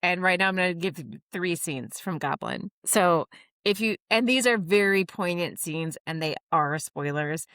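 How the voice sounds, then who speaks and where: A woman co-hosting a podcast who also writes books, chatting in a breezy, playful way with quick asides. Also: lowish voice, fairly bright tone, smooth, no echo, clean studio sound. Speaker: podcast co-host and author. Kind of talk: casual podcast chat.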